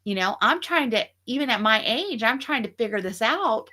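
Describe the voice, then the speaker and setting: A middle-aged woman talks earnestly as a co-host. She muses on her feelings in a reflective way and slips into quick acted-out bits of everyday scenes. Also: a little high, lively intonation, sharp tone. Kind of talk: casual chat.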